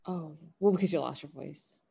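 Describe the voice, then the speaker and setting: A woman co-hosting a podcast, reacting quickly and chatting casually with a friend. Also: low voice, vocal fry, dark tone, a little hiss or hum. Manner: quick reactive responses, laughs along. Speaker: podcast co-host. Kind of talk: casual chat.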